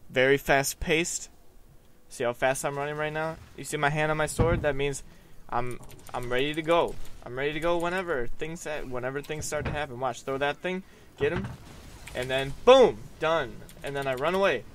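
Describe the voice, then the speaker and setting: A young man giving goofy, self-mocking commentary while he plays a video game and answers viewer questions, often breaking into high yelps. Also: normal speed, a bit bright, slight background noise. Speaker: gaming vlogger. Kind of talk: gameplay commentary with Q&A.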